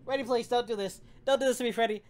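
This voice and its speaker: A man voicing the adult male anime hero Goku in a high, strained cartoonish voice, yelling crude insults in panicked comedic gameplay commentary. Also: fairly even intonation, rapid-fire, low-quality recording. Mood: pleading. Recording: loud game music behind.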